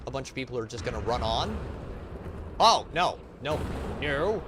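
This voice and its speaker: A man's voice: mid-range voice, big pitch swings, normal speed. A man streaming a game, ranting and swearing in casual, profane commentary. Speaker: gaming streamer. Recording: noisy background.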